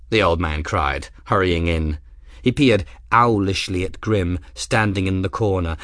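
A man narrating an audiobook in a measured, expressive way. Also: sits low, dry recording, studio quality. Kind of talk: scripted narration.

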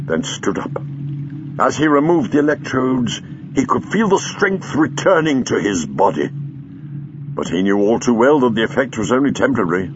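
A man narrating an audiobook in a measured, expressive storytelling manner, recorded in a slightly muffled studio read. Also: medium pitch, loud music behind the voice.

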